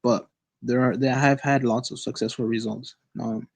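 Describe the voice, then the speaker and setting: Halting man telling his own story. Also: medium pitch, fairly even intonation, gravelly, dry recording. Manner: halting, with many restarts and repeated words. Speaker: guest sharing an experience. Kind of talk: casual personal storytelling. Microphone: online call.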